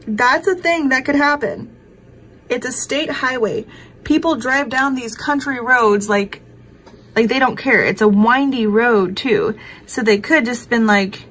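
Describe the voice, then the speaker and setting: A woman's voice: on the high side, a bit bright, low-quality recording. Woman, home vlog, rambling, emotional, faint background noise. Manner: emotional, rambling storytelling with many fillers. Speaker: craft vlogger. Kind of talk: casual chat to camera.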